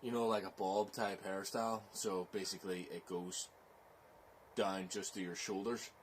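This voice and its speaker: A man with a Belfast accent, telling a scary story in slow, rambling casual chat, with "so it is" tags. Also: low voice, steady tone, a little hiss or hum. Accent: Northern Irish, Belfast.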